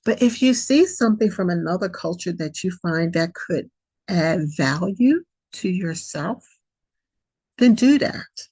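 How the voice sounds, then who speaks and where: A woman's voice: on the low side, lively intonation, a little mellow, dry recording, rough recording. A woman hosting a podcast, sharing a reflective spiritual monologue in an earnest way that repeats and dwells on key phrases. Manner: slow, gravelly, breathy voice. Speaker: podcast host.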